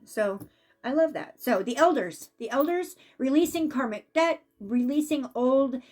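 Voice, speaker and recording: Chatty higher-voiced woman intuitive reader. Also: unhurried. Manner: chatty, animated when acting out spirits. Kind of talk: casual spiritual reading.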